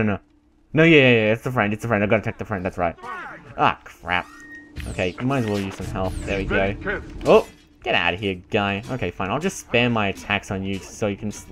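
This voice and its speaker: A young man hosting a let's-play, giving excitable commentary and sarcastic jokes about the game as he plays. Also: fairly high pitch. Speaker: gaming channel host.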